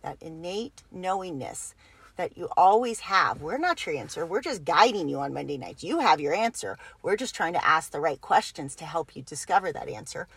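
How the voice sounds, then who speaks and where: A woman's voice: fairly low pitch, very animated, moderate pace, slightly rough, no echo. Woman cohost, casual rambly talk, restarts a lot, dry mic. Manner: rambling, restarts and rephrases mid-thought. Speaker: co-host of a personal growth group. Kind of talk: casual podcast chat.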